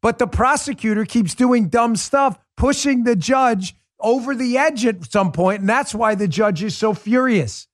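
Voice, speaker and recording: Emphatic high-voiced male podcast host. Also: unhurried, few pauses, no room sound, clean studio sound. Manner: emphatic, conversational, repeats for stress. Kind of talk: opinion commentary monologue.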